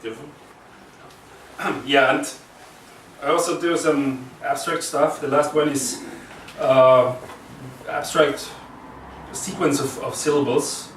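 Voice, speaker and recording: A man's voice: mid-range voice, fairly even intonation, slow pace, long pauses, slight background noise. A man from Austria whose first language is German, presenting his poems live in a small gallery and explaining each piece in plain words with many fillers. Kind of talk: live reading with spoken introductions. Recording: echoey room, mic far off.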